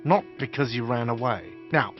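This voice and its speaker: A man's voice: mid-range voice, animated, normal speed, close to an everyday voice. An actor voicing a whiny, irritable male hostel manager in a game. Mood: irritated. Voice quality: whiny, peevish. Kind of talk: game voice acting. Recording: dull lo-fi game capture with music.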